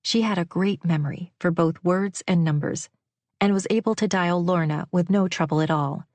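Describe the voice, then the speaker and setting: A woman narrating a novel in a measured, even way on a close studio mic. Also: fairly low pitch, no room sound. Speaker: audiobook narrator. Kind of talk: scripted narration.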